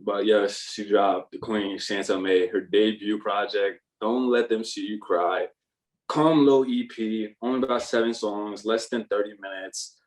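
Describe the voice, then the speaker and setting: A man's voice: lowish voice, steady tone, unhurried, distant mic, rough recording. A young man co-hosting a podcast, chatting casually and emphatically, often repeating himself to drive points home. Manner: emphatic, repeats phrases like "I'm telling you". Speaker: podcast co-host. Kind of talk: casual chat.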